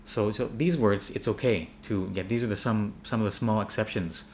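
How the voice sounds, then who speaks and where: A man teaching English pronunciation in a relaxed, repetitive style, often checking in with "yeah?". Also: on the low side, normal speed, slight background noise. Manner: relaxed, repeats words and asks "yeah?" often. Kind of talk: casual spoken lesson.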